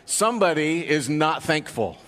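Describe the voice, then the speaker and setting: A man's voice: on the high side, lively intonation, moderate pace, fairly bright tone, some chatter behind. A man preaching a sermon as pastor, telling a story and asking the congregation rhetorical questions. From United States. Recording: long hall reverb.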